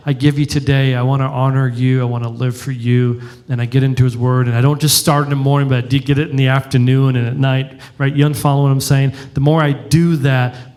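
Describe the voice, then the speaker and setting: A man's voice: medium pitch, darkish tone. A middle-aged male pastor giving a conversational sermon and joking with his congregation.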